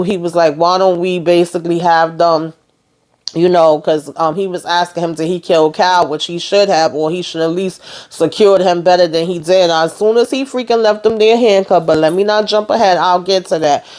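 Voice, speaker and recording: Woman chatting through a show recap, quotes everybody, lots of you know and um. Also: fairly low pitch. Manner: animated retelling, quoting characters, many fillers. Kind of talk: casual chat recap.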